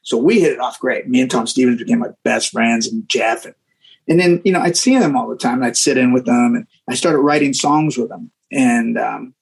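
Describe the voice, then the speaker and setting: Gravelly, husky man telling road stories. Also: mid-range voice, fairly quick, poor audio. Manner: animated, repeats words, acts out voices in stories. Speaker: guest musician. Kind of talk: casual storytelling interview.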